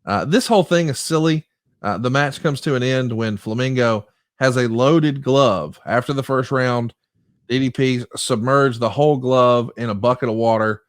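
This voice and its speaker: A man co-hosting a podcast, briskly recapping wrestling matches in a lively, storytelling way. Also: medium pitch, no echo, clean studio sound. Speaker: podcast co-host. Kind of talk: casual podcast chat.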